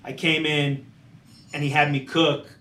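A man's voice: a little high, flat delivery, measured pace, sharp tone, slight background noise. Man rambling through a story, roomy distant mic. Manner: loose, rambling, many "like" fillers. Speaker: chef guest. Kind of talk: casual storytelling.

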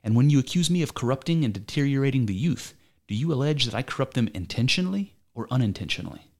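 Older male philosopher on trial, man reading, argumentative and probing, mid-pitched, amateur read. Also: animated, quick pace, lightly acted. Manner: argumentative, probing rhetorical questions. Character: aging male philosopher defending himself in court.

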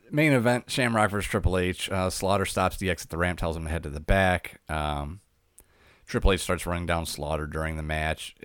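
A man's voice: low-pitched, dry recording, clean studio sound. A man co-hosting a podcast, recapping events step by step in a laid-back, casual way. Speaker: podcast co-host recapping wrestling. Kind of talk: casual chat.

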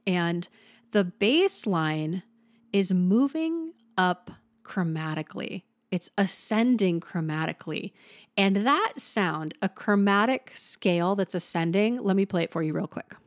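A woman's voice: mid-range voice, animated, measured pace, no echo, clean studio sound. A woman giving a casual, enthusiastic music lesson, breaking into sung examples now and then. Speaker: music teacher.

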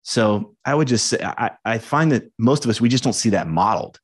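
A man speaking as a coach and podcast guest, frank and animated, swearing freely in candid conversation. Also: mid-range voice, brisk, slightly rough.

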